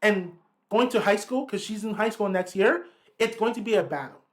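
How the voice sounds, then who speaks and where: Animated, swearing man podcast co-host. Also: sits high, moderate pace. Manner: animated storytelling, swears freely. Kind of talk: casual conversation.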